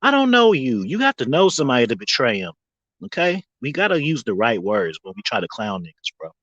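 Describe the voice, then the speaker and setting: Livestream host: husky man with a lively, swooping delivery, mocking and quick to laugh. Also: mid-range voice, dry recording, dull audio. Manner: animated, mocking, laughs often between lines. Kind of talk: casual livestream rant.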